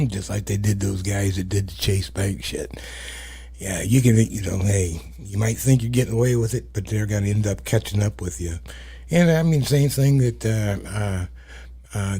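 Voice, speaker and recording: A man hosts his own talk show, riffing in blunt, profane commentary. His low, mellow voice is smooth and resonant. He rambles through fillers and trailing asides. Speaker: host. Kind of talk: casual commentary.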